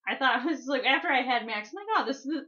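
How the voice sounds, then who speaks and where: A young woman and mother chatting on a podcast, laughing as she tells stories in a lively way. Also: sits high, quick pace, lo-fi sound. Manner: laughs while telling stories, lively delivery. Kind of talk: casual chat.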